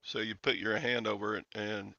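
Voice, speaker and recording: Gravelly bright-voiced man hosting a chat show. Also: fairly low pitch, flat delivery, moderate pace, no room sound, muffled recording. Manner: chatty, laughs often, rambling anecdotes. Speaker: show host. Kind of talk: casual live-stream chat.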